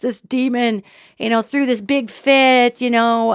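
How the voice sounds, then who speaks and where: A woman hosting a podcast, telling a story in an animated, colloquial way with joking asides. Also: on the high side, a little slow, clear, resonant tone, dry recording, clean studio sound. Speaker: podcast host. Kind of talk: storytelling, casual talk.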